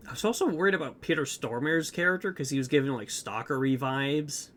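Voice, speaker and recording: A man's voice: a little high, brisk, fairly bright tone. A young man co-hosting a podcast, retelling a movie plot in rambling casual chat with lots of fillers. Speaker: podcast co-host.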